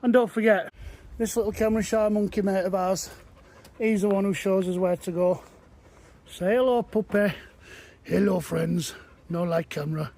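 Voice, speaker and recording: A man's voice: high-pitched, steady tone, normal speed, darkish tone. A man chatting to camera as he walks hilly woodland paths, rambling and easily amazed, at times a bit out of breath. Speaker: walking vlogger. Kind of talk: casual walk-and-talk narration.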